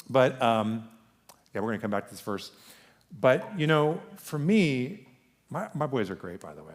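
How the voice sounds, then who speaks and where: Man, 30s, pastor, story-driven sermon, animated delivery, wide dynamic range. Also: on the low side. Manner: animated storytelling, acting out scenes, swings from loud to hushed. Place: church hall.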